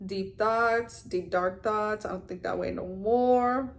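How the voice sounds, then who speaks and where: A woman's voice: mid-range voice, slow pace, slight background noise. A young woman in her twenties talking frankly and casually to her viewers, swearing now and then and calling them you guys. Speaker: vlogger. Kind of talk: candid personal vlog talk.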